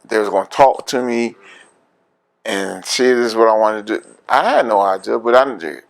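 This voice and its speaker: A man's voice: fairly low pitch, expressive, brisk, vocal fry. A man with a Philadelphia accent, a veteran telling his story in an oral history interview, candid and laughing often.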